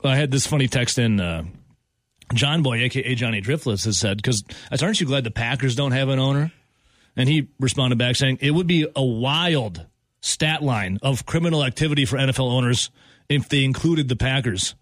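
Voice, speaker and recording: A man, hosting a sports talk show and telling stories with lively acted-out quotes and frequent laughter. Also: mid-range voice, fairly quick, no echo. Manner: animated storyteller, acts out quotes, laughs often. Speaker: radio host. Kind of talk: casual sports talk banter.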